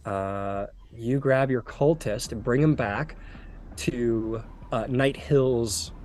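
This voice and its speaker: A man's voice: medium pitch, slow pace, a little mellow. A man narrating as game master in a tabletop game, talking casually and loosely. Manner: casual, rambling with fillers.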